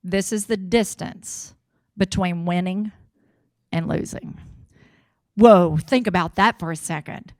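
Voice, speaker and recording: A woman from Mississippi with a Southern accent, giving an energetic, folksy motivational keynote on a stage mic. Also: fairly low pitch, slow, pauses often, dry recording. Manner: energetic, folksy, cheering the crowd on. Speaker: motivational speaker. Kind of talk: keynote speech to a live audience.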